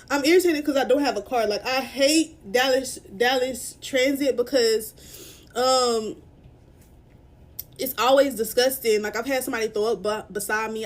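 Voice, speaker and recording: A young woman with a fairly high voice tells a storytime vlog into her phone camera. She speaks in a halting, upset way, full of fillers and restarts, and sounds near tears. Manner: tearful at moments. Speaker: vlogger.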